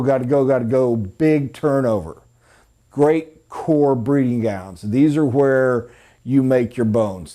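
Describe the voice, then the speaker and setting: A man teaching a sales training class, talking casually and acting out examples for his trainees. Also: medium pitch. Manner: animated, acts out examples.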